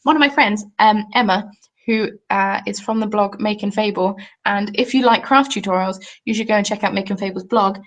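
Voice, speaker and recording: A woman's voice: medium pitch, fairly quick, dull audio. A young woman rambles cheerfully through a home live stream. She chats off the cuff, trails off and restarts, and keeps stopping to answer viewers' comments. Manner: chatty, rambling, reads out and answers chat comments. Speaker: craft YouTuber.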